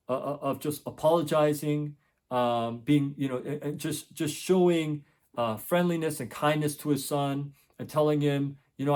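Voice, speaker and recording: On his education channel, a middle-aged tutor tells a story in a casual monologue, earnestly repeating his points for emphasis. His voice is a little high and a little mellow.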